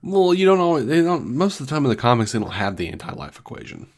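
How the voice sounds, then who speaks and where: A man's voice: medium pitch, quick pace. Casual male podcast co-host. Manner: relaxed and chatty, reading listener feedback aloud.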